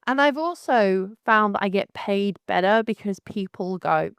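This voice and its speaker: A middle-aged woman from Devon and Somerset with a light West Country accent, hosting a casual solo podcast in a frank, animated way and calling the listener darling. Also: mid-range voice, a little slow, smooth, no echo, studio quality. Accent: light West Country English. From Devon and Somerset, England. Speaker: podcast host.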